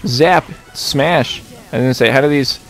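A man's voice: mid-range voice, moderate pace. A young man giving casual, joking commentary as he plays a video game, rambling and talking back to the characters on screen. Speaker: let's play host.

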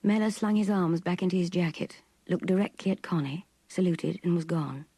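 Brief: older woman narrator, gravelly and very husky, close dry audiobook read. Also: fairly low pitch, steady tone, moderate pace, warm tone, no room sound. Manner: intimate, breathy half-whisper narration. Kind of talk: audiobook reading of a classic novel.

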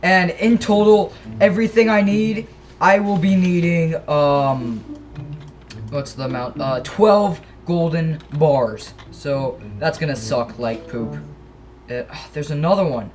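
A young man giving casual, excitable commentary over his own gameplay, gasping and yelping when startled. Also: a little high, slow pace. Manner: jumpy, excitable, yelps and gasps when startled. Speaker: gaming channel host.

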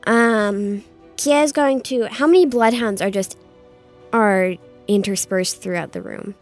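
A woman's voice: mid-range voice, unhurried, a little mellow, faint music behind. A woman playing a tabletop game, speaking casually and hesitantly, asking questions. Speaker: player.

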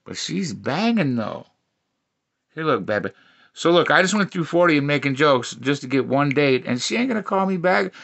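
Forties male comic, profane and mocking, lively gravelly delivery. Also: a little high. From Milwaukee, USA. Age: 40s. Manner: profane, mocking, quick asides. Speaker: comedy vlogger. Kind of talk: crude comic riffing on dating profiles.

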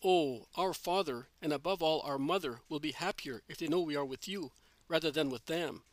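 A man's voice: on the high side, normal speed, no echo, natural voice. A man voicing an eager young fisherman disciple who speaks reassuringly.

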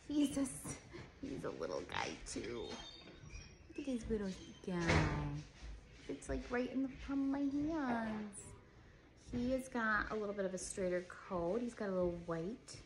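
A woman's voice: a little high, big pitch swings, a little slow, noisy background. A woman who breeds dogs, showing puppies one by one and cooing at them in baby talk. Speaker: dog breeder. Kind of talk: cooing puppy showcase.

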